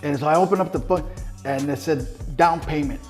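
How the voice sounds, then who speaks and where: Profane, animated man telling a story. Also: fairly high pitch, brisk, soft background music. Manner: profane, animated, acts out quoted dialogue. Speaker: guest. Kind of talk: casual storytelling.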